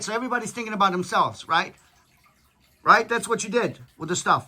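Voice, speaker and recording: A man's voice: sits high, brisk, sharp tone. A father talking casually to his family about how he made a song, rambling with many restarts and tag questions. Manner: rambling, repeats "right?", restarts.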